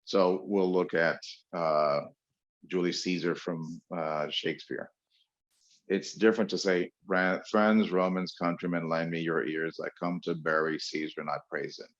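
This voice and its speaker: A man from New York giving a webinar lecture on public speaking, with frequent fillers and emphatic pauses, over dull lo-fi audio. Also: sits low, steady tone. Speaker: webinar presenter.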